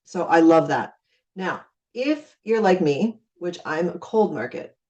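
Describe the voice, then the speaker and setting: This network marketing training talk comes from a middle-aged Minnesotan woman with a low, darkish voice who is animated yet unhurried. She chats away, acting out conversations with friendly repeated phrases, and the audio is muffled because she's far from the mic.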